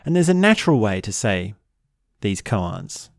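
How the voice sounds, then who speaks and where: A man teaching in a slow, reflective way, often repeating short example phrases. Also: lowish voice, sing-song, gravelly, no echo, studio quality. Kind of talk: spoken teaching talk.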